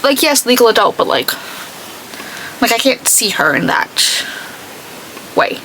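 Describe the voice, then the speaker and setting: Young woman, beauty vlogger, chatty storyteller, lively high-ish voice, faint background hiss. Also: measured pace, poor audio. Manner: chatty, rambling, quotes herself with "I'm like". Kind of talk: casual storytime chat while doing makeup.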